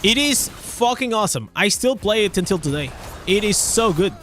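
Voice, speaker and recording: A man's voice: high voice, expressive, moderate pace, a bit bright, slight background noise. A young man with a Portuguese accent chatting casually on a live stream, often restarting his words and swearing now and then.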